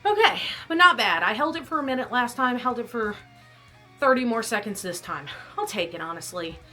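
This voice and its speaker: A woman's voice: fairly high pitch, lively intonation, a little fast, bright, forceful tone, faint music behind. A young woman vlogging casually about her fitness test, chatty and rambling, coughing and out of breath. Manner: chatty, rambling, self-deprecating.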